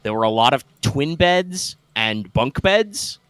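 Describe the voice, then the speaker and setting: A man's voice: mid-range voice, big pitch swings, slow, a bit bright, clean tone, dry recording. A man narrating a tabletop game as game master, describing scenes loosely with lots of fillers.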